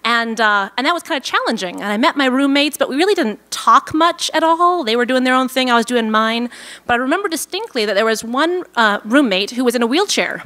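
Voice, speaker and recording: A woman telling a personal story live on stage at a venue event, lively and self-amused, acting out her own thoughts. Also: fairly high pitch, a little fast.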